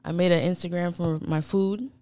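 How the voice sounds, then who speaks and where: Smooth-voiced woman in slangy casual chat. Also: lowish voice, brisk. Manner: relaxed, slangy, lots of filler likes. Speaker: podcast co-host.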